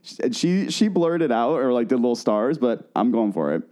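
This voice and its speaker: A man co-hosts a comedy podcast with a mellow, dark-toned voice. He reads reviews aloud with dramatic, mocking flair, and his pitch swings widely. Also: very animated, moderate pace. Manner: dramatic, mocking read-outs with laughs. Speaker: podcast co-host.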